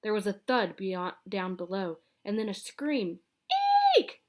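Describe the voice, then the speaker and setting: A woman reading a children's chapter book aloud in a lively, expressive storytelling manner. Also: mid-range voice, unhurried. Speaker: audiobook reader.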